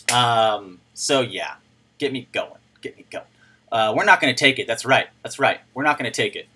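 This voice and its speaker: Excitable man who laughs and yells. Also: medium pitch, normal speed, a little hiss or hum. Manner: excitable, laughs often, bursts into yelling. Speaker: crypto livestream host. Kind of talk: casual livestream chat. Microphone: microphone turned up.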